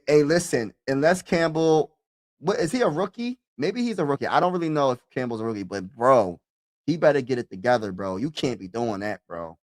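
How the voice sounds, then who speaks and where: Animated young man chatting sports. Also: medium pitch, no echo, clean studio sound. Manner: animated, slangy, says bro a lot, shouts and laughs. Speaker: sports streamer. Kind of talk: casual live-stream sports chat.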